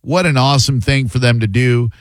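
A man's voice: mid-range voice, fairly even intonation, a little fast, no echo, studio quality. A man hosting a casual radio talk show, talking loosely and rambling, trailing off with "uh" as he thinks. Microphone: studio microphone.

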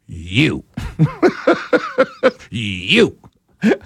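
A man's voice: on the low side, wildly swooping pitch, very slow, creaky, breathy edge, no room sound. A male talk show host giving a political commentary monologue, laughing often and slipping into a mock-preacher cadence.

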